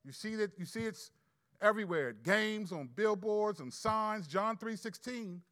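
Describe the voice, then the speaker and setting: A male pastor preaching a sermon, reading scripture aloud and posing rhetorical questions, moving between loud emphatic passages and quiet asides. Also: high-pitched, a little slow.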